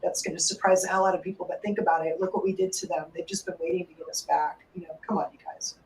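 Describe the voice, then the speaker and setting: A woman's voice: fairly low pitch, steady tone, quick pace, darkish tone, slight background noise. A woman hosting a live call-in radio show, talking in an emotional, rambling way and swearing freely. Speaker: psychic radio host. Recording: echoey room, distant mic.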